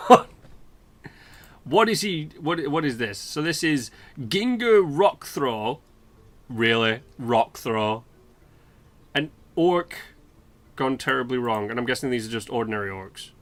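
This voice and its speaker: A British man chats his way through a let's play, wandering from the game onto tangents and dropping casual swear words. His voice sits at an ordinary middle pitch and his delivery is loose and conversational. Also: fairly bright tone. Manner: rambling, chatty, swears freely. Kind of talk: casual gameplay commentary.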